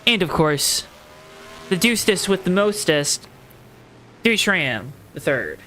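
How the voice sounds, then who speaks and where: A man's voice: sits high, big pitch swings, measured pace, bright, forceful tone, slight background noise. A man hosting a live sim racing broadcast from the booth, playful and chatty, talking straight to viewers. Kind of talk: live race commentary. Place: commentary booth.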